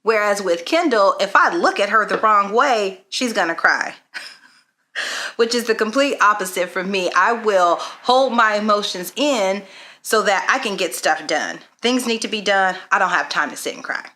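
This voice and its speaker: A woman, a mother, telling a personal faith story to camera in an earnest, reflective way, pausing often with "um". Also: mid-range voice, lively intonation, sharp tone. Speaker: parenting vlogger. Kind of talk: personal testimony vlog.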